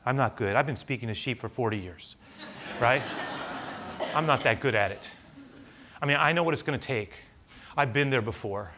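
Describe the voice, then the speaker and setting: A man's voice: mid-range voice, moderate pace, long pauses, background noise, close to an everyday voice. A man voicing Moses as a reluctant shepherd-prophet who stammers, repeats himself and pleads to be let off. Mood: self-doubting.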